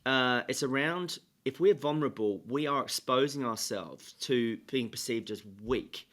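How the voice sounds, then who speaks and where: Measured man explaining. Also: medium pitch, fairly bright tone. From England. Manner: measured, explanatory, with many fillers. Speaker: podcast guest, sales trainer. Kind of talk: interview conversation.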